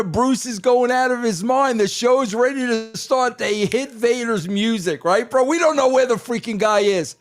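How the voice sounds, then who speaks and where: A man co-hosting a talk show, telling an excited backstage story and peppering it with "bro". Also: sits high, normal speed, few pauses. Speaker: co-host.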